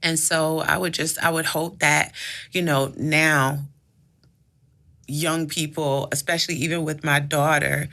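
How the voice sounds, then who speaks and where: Low gravelly woman telling a story. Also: level tone, a little slow, bright, forceful tone. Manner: reflective storyteller, many "you know" and "like" fillers. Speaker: advice podcast host. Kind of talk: casual faith-based advice chat.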